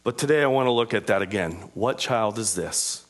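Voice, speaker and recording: A man preaching a sermon as pastor, moving between raised, emphatic proclaiming and quiet, conversational asides, with an informal manner and frequent fillers. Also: on the low side, animated, moderate pace.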